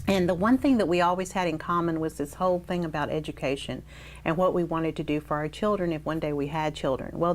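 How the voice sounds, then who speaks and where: A woman's voice: on the low side, slight background noise. An older woman reminiscing in an oral history interview, telling her stories with animation and acting out the people she quotes. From South Texas. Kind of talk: reminiscing storytelling.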